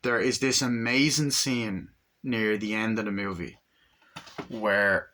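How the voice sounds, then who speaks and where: A man casually reviewing an action movie, rambling with excitement and swearing a lot. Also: lowish voice, slow pace, slight background noise. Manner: excited, profane, rambling, acts out scenes.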